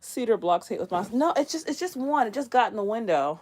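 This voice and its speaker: A woman's voice: a little high, expressive, fairly quick, a little mellow. A woman chatting casually on a livestream from her room, laughing often and telling stories animatedly. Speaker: livestream host. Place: bedroom near closet, indoors.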